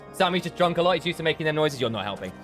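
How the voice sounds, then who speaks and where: A man's voice: fairly high pitch, a bit bright. A man streaming a game, chatting loosely and joking. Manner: jokey, rambling, laughs often. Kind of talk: casual gameplay stream chat.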